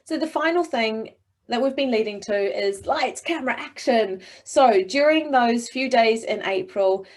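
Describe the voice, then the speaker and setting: A middle-aged woman coaching speakers in a webinar, encouraging and expressive, talking over a video call. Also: fairly high pitch. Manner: encouraging, expressive, demonstrates voices. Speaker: presentation coach.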